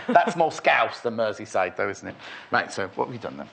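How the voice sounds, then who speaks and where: A man's voice: lowish voice, very animated, a little fast, vocal fry, fairly bright tone. A man from Northwest England hosting a live sewing shopping show, chatty and teasing as he reads out viewer messages. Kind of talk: live studio chat.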